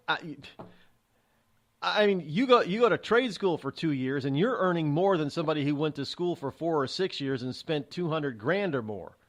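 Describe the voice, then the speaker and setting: A middle-aged man hosting a talk show, delivering an opinionated, sarcastic monologue and acting out the voices of others. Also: a little high. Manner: animated, sarcastic, acts out quoted voices. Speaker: radio talk show host.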